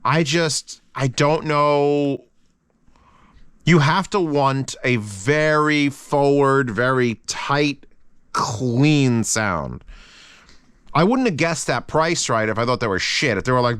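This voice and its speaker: A man's voice: medium pitch, measured pace, fairly bright tone, smooth, no room sound, clean studio sound. A man casually reviewing earphones, rambling and swearing with frequent restarts. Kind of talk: casual unscripted product review.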